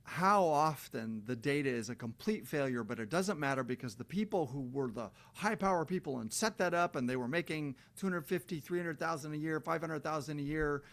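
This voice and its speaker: A middle-aged man with a slightly raised pitch vents to his audience in a heated, cursing rant. His delivery is emphatic and loaded with profanity. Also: animated, a little fast, few pauses, fairly bright tone. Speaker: vlogger. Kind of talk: angry rant to camera.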